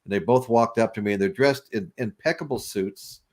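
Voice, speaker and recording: A man's voice: lowish voice, fairly quick, a little mellow. Rambling man telling a story. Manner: rambling, with repeated restarts and laughs. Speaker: podcast host. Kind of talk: casual storytelling chat.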